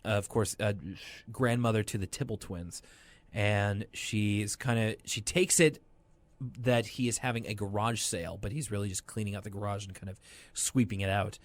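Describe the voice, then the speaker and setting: A young adult man co-hosting a podcast, recapping a cartoon episode in a rambling, animated way with lots of fillers. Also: fairly low pitch, normal speed. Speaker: podcast co-host. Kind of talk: casual chat recapping a cartoon.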